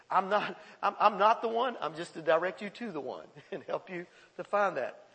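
A man preaching a sermon as pastor, telling a personal story in a conversational, animated way. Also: high voice. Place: church sanctuary. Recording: long hall reverb.

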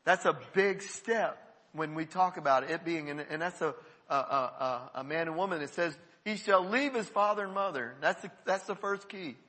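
A man preaches with a high, bright voice, talking to the congregation like he's chatting with friends and leaning hard on key words. His tone carries a husky edge. The sound rings out with long reverb, as in a church sanctuary. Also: moderate pace. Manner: conversational preaching, emphatic, breaks into quoted voices. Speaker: pastor. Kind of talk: sermon.

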